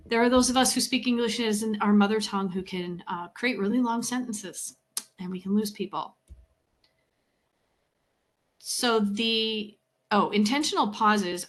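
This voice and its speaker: A woman communication coach presenting to a meeting, speaking in a measured, deliberate way and walking through her points one by one with clear emphasis and pauses. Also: medium pitch. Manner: instructive, lists points one by one. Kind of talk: professional talk to a meeting.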